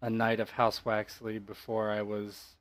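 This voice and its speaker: A man putting on a stern, proud knight, formal and stiff in his speech. He talks at a slow, steady pace, in a fairly low voice. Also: natural voice. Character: stern proud male knight, middle-aged father.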